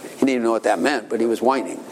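A man's voice: mid-range voice, very fast, a little hiss or hum. An older man giving an informal sermon as a pastor, telling rambling family stories and acting out children's voices.

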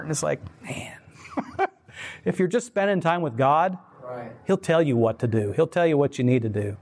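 A man giving a casual, rambling faith talk, animated, laughing often and putting on voices for quoted people. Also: fairly high pitch, normal speed. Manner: rambling, many fillers and restarts. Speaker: Christian speaker.

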